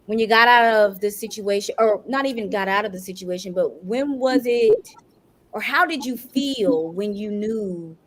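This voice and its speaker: A woman's voice: mid-range voice, normal speed. A woman moderating a podcast panel, posing a long, searching question that loops and rephrases as she goes.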